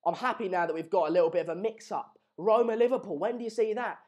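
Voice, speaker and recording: A young man from England runs a football watchalong stream and chats loosely with his viewers. His voice sits a touch high, and his talk wanders with restarts and jokes. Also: fast talker, darkish tone. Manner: jokey banter, rambling with fillers and restarts. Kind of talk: live stream chat reading comments. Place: home room in Madrid.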